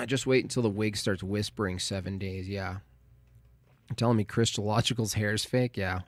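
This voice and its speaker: Speaking at normal speed in a fairly low, slightly bright voice, a Canadian streamer jokes and rambles with his chat while repairing his stream setup. There is no echo.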